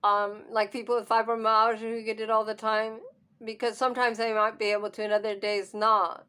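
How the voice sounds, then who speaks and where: A woman's voice: a little high, level tone, brisk, sharp tone, clear, resonant tone. Hard-of-hearing woman vlogger, upset, near tears, nervous laughter, camera mic at home. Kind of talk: emotional personal vlog.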